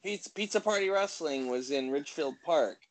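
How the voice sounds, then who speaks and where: A man in casual podcast chat, excitable and quick to jump in, swearing as he goes. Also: fairly high pitch, rough recording.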